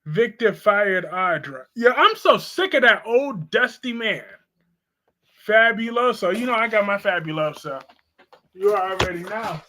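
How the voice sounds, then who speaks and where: Very high-voiced sassy man. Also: measured pace. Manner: sassy, expressive, answering chat. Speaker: live-stream host. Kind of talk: casual live-stream chat.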